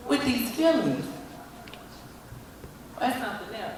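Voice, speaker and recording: A high-pitched woman gives an animated motivational talk to a crowd, coaxing audience volunteers up and repeating her calls to drive points home. She speaks unhurriedly with frequent pauses, picked up from far off in a large hall with long, booming reverb and a little hiss or hum.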